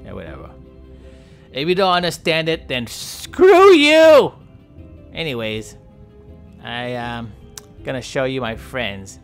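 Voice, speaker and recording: A man's voice: medium pitch, expressive, unhurried, pauses often, sharp tone, faint music behind. A man voicing a chatty, friendly male bowhead whale who rambles, jokes and trash-talks polar bears. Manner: rambling, joking, trash-talking. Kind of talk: playful game commentary role-play.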